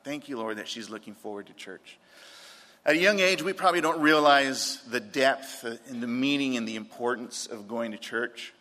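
A man's voice: mid-range voice, moderate pace, sharp tone. A man preaching a sermon as pastor, repeating his key points and telling light anecdotes, in a church sanctuary. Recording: long reverb of a large room.

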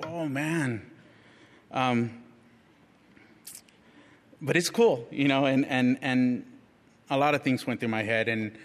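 A man's voice: medium pitch, slight background noise. Middle-aged man telling a testimony in a hall. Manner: frank and self-mocking, chatty with lots of restarts. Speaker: church speaker sharing a testimony. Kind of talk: candid personal testimony, casual storytelling. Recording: long reverb of a large hall.

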